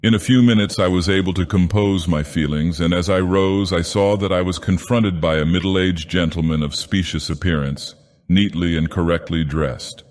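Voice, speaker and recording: A man reading a storybook tale in the voice of an ancient, brooding male god-villain, with slow, grave, dramatic delivery. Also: deep voice, fairly even intonation, a little mellow, close to an everyday voice. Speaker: narrator. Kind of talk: scripted storybook narration. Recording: long reverb.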